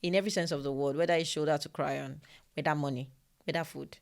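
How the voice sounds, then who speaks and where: A woman's voice: sits low, fairly even intonation, fast, gravelly. A woman from Nigeria, co-hosting a podcast, tells a personal story in casual conversation, earnest and often repeating phrases for emphasis. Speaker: podcast co-host. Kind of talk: casual chat.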